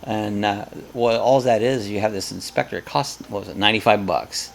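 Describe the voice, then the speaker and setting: A man's voice: on the low side, fairly quick, creaky, a little hiss or hum. A man hosting a casual live chat, rambling and joking as he tells stories. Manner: rambling, jokey storyteller.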